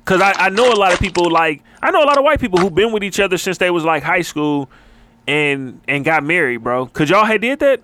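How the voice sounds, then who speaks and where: A man co-hosting a casual podcast chat, talking fast and loose with lots of slang and swearing. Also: sits high, expressive, fairly bright tone, a little hiss or hum. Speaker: podcast co-host.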